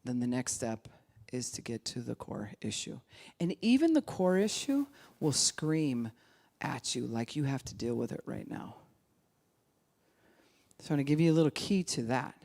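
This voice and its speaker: Gravelly-voiced woman pastor preaching casually. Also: rumbling low, moderate pace. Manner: animated, acts out quoted voices, drops to a hushed calm voice. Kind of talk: conversational sermon.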